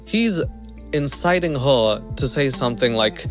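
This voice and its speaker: A man streaming a reaction video, commenting in a mocking, animated, casual way. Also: medium pitch, normal speed, music in the background.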